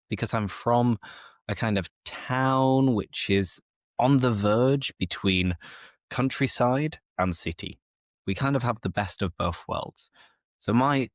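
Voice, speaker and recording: A young man hosting a slow, clear conversation for English learners, speaking in a measured, reflective, explanatory way. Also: medium pitch, no room sound, studio quality. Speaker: English teacher, host.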